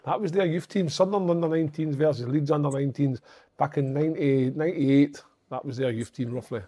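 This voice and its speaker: Scottish ex-pro in his forties, warm mellow tone, earnest, sweary. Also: a little high, fast talker. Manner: earnest, swears freely, builds long anecdotes. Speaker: former footballer, podcast guest. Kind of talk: casual chat.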